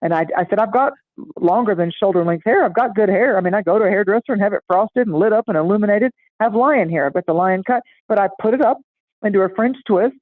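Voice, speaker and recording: A middle-aged woman chatting casually and telling a lively story, acting out the voices of the people in it. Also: mid-range voice, fast talker, no echo. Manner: animated, acts out voices in anecdotes. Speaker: astrology guest. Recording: tinny phone-like line, dry.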